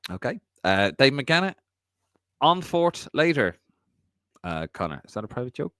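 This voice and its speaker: A man's voice: mid-range voice, very animated, normal speed, a bit bright, no echo, studio quality. A man hosting a podcast, chatting casually and laughing as he reads out viewer comments. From Ireland.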